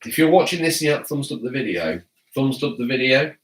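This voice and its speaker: A man's voice: medium pitch, lively intonation, fast, fairly bright tone, far from the mic. A grown man hosting a casual live gaming podcast, teasing his co-host and reading chat messages aloud. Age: adult. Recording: echoey room, away from mic.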